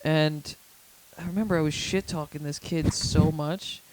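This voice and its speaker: A man's voice: steady tone, unhurried, a little mellow, low-quality recording. A young man co-hosting a podcast in casual, joking chat, often acting out silly quotes. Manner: joking, acts out silly high-voiced quotes. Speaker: podcast co-host.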